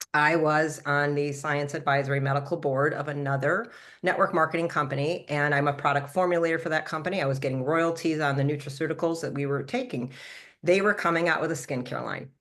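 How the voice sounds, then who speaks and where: A woman in her fifties telling her skincare story to a live call, animated and talking fast, often jumping up in pitch to act out past conversations. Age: 50s. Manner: animated storytelling, acting out her own past lines in a higher voice. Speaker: product formulator and brand promoter. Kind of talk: testimonial talk to a live call.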